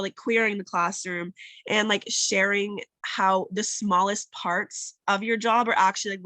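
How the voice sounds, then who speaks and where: A young woman student with a slightly raspy voice after a cold, chatting on a webinar panel and saying "like" often. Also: medium pitch, sharp tone, no room sound. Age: young adult. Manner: chatty, heavy use of "like". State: just over a cold. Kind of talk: panel discussion. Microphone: video call.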